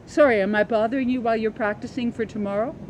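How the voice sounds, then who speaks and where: A woman voicing a polite Canadian widow on a tour, gentle and a little hesitant. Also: on the high side, steady tone, fast talker, a little hiss or hum, natural voice, rough recording. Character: polite Canadian widow traveller, music lover.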